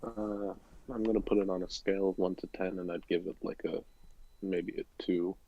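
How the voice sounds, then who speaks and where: Deep gravelly teenage boy, deadpan jokes. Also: normal speed, phone-quality sound. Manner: deadpan, joking. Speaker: guest. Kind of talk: casual chat.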